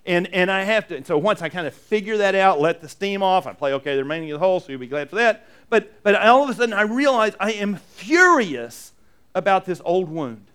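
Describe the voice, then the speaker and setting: A man preaching a sermon, telling a personal story with animated, restart-heavy delivery. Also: a little high, clean tone. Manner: animated storytelling, acts out inner dialogue; many restarts and repeated "and". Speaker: pastor.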